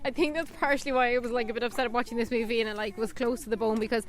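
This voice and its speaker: An Irish woman in her thirties co-hosting a film podcast, animated and chatty, saying "like" a lot. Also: on the high side, rapid-fire. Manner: animated, laughs often, says "like" a lot. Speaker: podcast co-host. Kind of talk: casual film review chat.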